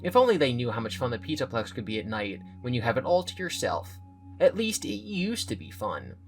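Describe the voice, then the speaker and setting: A man's voice: medium pitch, wildly swooping pitch, soft background music. Man reading a story, joking asides. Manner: breaks off narration for quick joking asides. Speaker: host. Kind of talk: reading an interactive story aloud with commentary.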